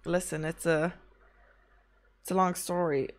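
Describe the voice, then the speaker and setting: A woman's voice: on the low side, level tone, a little slow. A young woman streaming, chatting casually with her chat, tired from little sleep, rambling through anecdotes and swearing often.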